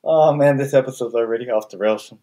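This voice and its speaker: A man's voice: mid-range voice, fast, mellow, a little hiss or hum. A man co-hosting a casual podcast, bantering and teasing his co-host with crude jokes.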